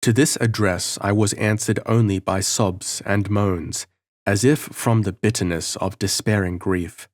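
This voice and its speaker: A man reading a gothic novel as an audiobook narrator in a measured, dramatic manner. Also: fairly low pitch, steady tone, no echo, studio quality.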